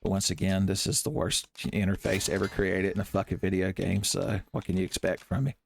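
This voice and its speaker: A man giving loud, profane, joking commentary while playing a video game. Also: low voice, level tone, fairly quick, vocal fry, slight background noise. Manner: loud, profane, jokey, yelling at enemies. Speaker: gaming streamer. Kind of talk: casual gameplay commentary. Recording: gameplay music behind voice.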